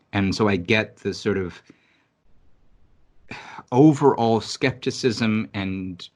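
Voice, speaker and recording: A man from New York City in casual podcast chat, talking bluntly and emphatically with lots of swearing and restarts. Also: fairly low pitch. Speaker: podcast co-host.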